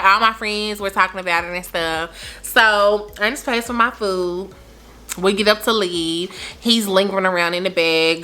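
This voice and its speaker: A young adult woman tells a story in animated, casual vlogger chat, her pitch swooping upward for emphasis.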